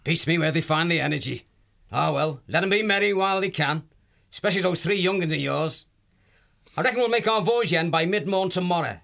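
A man's voice: a little high, fairly quick, gravelly, a bit bright, pitched above the performer's own voice. A man voicing a kindly old male shrew boat captain with a rustic, folksy way of talking. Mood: easygoing. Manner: rustic, folksy, "ain't", "afore". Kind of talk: audiobook character voice.

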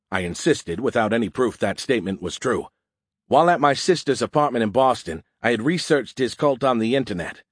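A man's voice: mid-range voice, no echo. A man narrating a story in the first person with a wry, dry delivery. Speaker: audiobook narrator.

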